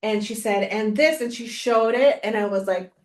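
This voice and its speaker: A woman's voice: a little high, moderate pace. Chatty woman telling a story. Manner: excited, storytelling, acts out quoted voices. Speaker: podcast co-host. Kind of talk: casual chat. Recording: roomy echo.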